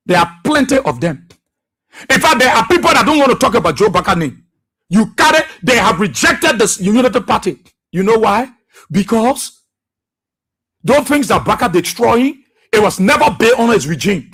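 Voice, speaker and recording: A man's voice: high-pitched, big pitch swings, normal speed, a bit bright, slightly rough. A man giving emphatic, repetitive political commentary as a radio talk show host.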